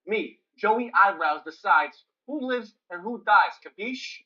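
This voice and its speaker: A man's voice: high-pitched, lively intonation, slow pace. A man voicing a rude, blustering male mafia boss in an improvised prank scene, in slightly muffled TV audio. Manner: blustering, threatening tough-guy talk.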